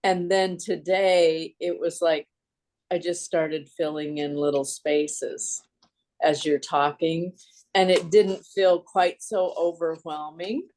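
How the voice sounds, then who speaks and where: Woman participant, very low voice, unhurried and reflective. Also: flat delivery, a little mellow. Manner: reflective, hesitant. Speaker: course participant. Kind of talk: group coaching call.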